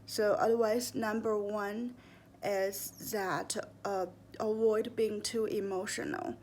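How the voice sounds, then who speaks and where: Slow, gravelly young woman giving advice. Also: mid-range voice, a little hiss or hum. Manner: calm, earnest, deliberate, with fillers and slips. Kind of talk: casual advice monologue.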